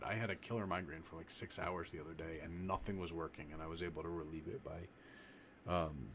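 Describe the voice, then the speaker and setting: Very deep-voiced man teaching casually. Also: slight background noise. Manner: relaxed, rambling, demonstrates while talking. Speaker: livestream meditation teacher. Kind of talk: casual live-stream instruction.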